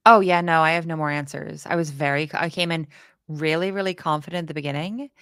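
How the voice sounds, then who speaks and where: Chatty low-voiced woman coding. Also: steady tone, a bit bright, smooth, no echo, clean studio sound. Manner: chatty, self-deprecating, quick laughs. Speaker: co-host learning to code. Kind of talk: casual live coding chat.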